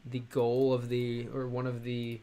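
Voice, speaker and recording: A young American man chatting on a live stream, reading chat aloud and working through halting Russian with lots of fillers. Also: medium pitch, completely flat delivery, warm tone, clear, resonant tone. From United States.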